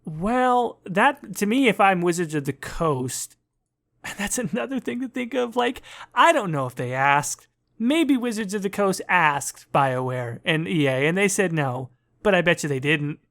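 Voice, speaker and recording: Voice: medium pitch, lively intonation, measured pace, a bit bright. A podcast co-host in a casual gaming chat, musing aloud with a wry edge.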